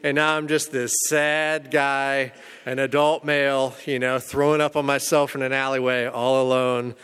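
A man telling his own recovery story in a candid, rambling way, full of "you know" and "man", with self-mocking humor about a dark past. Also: medium pitch, level tone, normal speed, smooth, long reverb tail.

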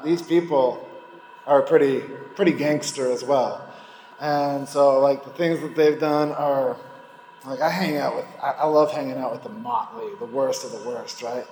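A man's voice: medium pitch, darkish tone, echoey room, big-room sound, slight background noise, poor audio. A man speaking at a recovery meeting, giving a candid personal testimony and rambling between thoughts. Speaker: recovering alcoholic sharing at a meeting.

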